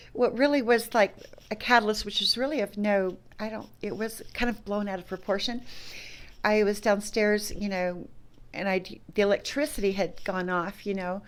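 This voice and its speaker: A middle-aged woman speaks as an interviewee at an ordinary, mid-range pitch. She tells her story haltingly, breaking off, restarting and leaning on "you know" between thoughts. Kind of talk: personal recollection.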